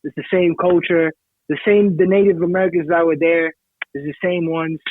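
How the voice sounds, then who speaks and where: A man's voice: a little high, steady tone, moderate pace, slight background noise. A man from Haiti, chatting casually as a podcast co-host and explaining things at length with self-assurance. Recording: tinny phone-like sound.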